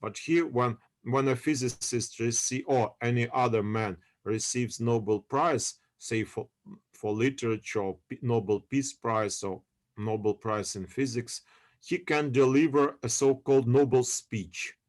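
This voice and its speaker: Slow, halting male lecturer on a call. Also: medium pitch. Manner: halting, searching for English words, many fillers; checks in with students. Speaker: university lecturer. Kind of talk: online lecture to students.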